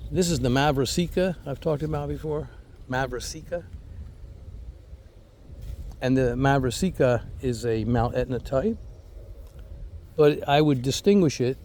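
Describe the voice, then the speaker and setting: A man with a mellow, relaxed tone walks through a garden, chatting in a casual vlog style. He is enthusiastic and rambling, repeating words as he moves from one plant to the next. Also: medium pitch, measured pace, long pauses, slight background noise. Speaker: fig grower and channel host. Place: outdoors in a garden.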